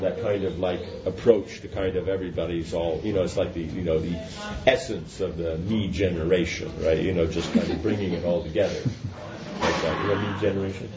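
Low-voiced man giving a casual scripture class. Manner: conversational, checks understanding with asides. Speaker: religious teacher. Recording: dull lo-fi with faint noise.

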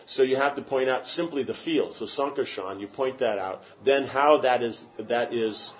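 A man's voice: medium pitch, moderate pace, dull audio. A man teaching a class and answering questions, talking in an emphatic, rambling way with many restarts. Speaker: spiritual teacher.

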